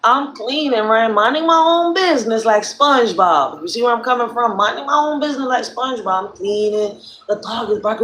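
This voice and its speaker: A hoarse woman with a Philadelphia accent hosting a casual livestream, telling stories bluntly with plenty of profanity. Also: on the high side, animated, moderate pace, a bit bright. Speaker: live stream host. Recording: roomy echo.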